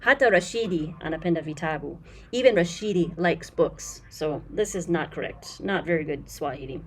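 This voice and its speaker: A lower-pitched woman talks through a language lesson in a relaxed, unscripted way. She explains patiently, slows right down to repeat phrases and speaks frankly when something is wrong, over a faint hiss of background noise. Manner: frank and critical of the translations. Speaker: Swahili teacher. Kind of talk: casual screen-recorded lesson commentary.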